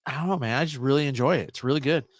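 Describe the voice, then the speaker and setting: A man's voice: mid-range voice, rapid-fire. A man co-hosting a casual podcast, hesitant and agreeable, often restarting his sentences. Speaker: podcast co-host. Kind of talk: casual chat.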